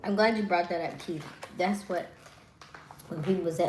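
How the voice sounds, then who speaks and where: A woman hosting a live stream, chatting casually with viewers in a soft voice that trails off at the ends of words. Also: lowish voice, normal speed, reverberant, a little hiss or hum. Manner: chatty, many fillers.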